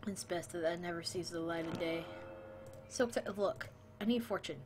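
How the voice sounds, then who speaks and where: A woman's voice: lowish voice, normal speed, noisy background. A woman streaming a video game and chatting playfully with her viewers, greeting them and joking along as she plays. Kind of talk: casual live-stream chat while gaming.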